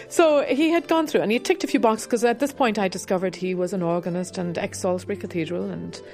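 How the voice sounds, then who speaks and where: A woman who teaches harp, talking candidly and reflectively in a radio interview, with soft laughs. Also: mid-range voice, brisk, faint music behind. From Ireland.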